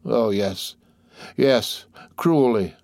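A man's voice: on the low side, extremely slow, a little mellow, no room sound, clean studio sound. A man voicing a starving, desperate male prisoner who pleads and stammers in terror, in an audiobook. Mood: pleading. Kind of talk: audiobook character voice.

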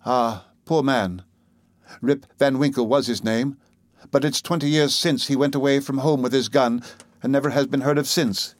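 A man doing a soft-spoken sad young woman. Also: mid-range voice, moderate pace, no echo, natural voice. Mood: sorrowful. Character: young mother, sad and gentle.

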